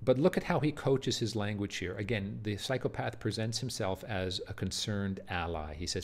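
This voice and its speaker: A man's voice: lowish voice, normal speed, few pauses. A man teaching a play in a video lecture, earnest and emphatic, often repeating words and checking "do you see?". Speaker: literature teacher.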